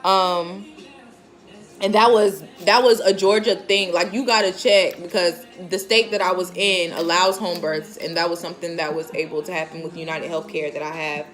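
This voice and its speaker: A woman's voice: lowish voice, normal speed, faint music behind. Candid young woman telling a story. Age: 20s. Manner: animated, acts out what others said; laughs often, candid and frank. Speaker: vlogger and new mother. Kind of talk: casual storytelling to viewers.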